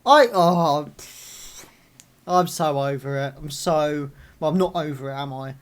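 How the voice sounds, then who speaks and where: A man's voice: a little high, fairly even intonation, normal speed, smooth. Angry man ranting. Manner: angry ranting with frequent swearing and outbursts. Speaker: reaction video host. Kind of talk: live reaction vlog.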